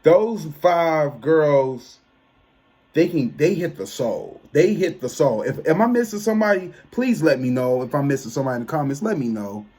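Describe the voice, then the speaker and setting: A man, giving a chatty, expressive album review that often trails off and restarts. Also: on the high side, moderate pace. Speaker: tarot reader and music reviewer. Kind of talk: casual album review monologue.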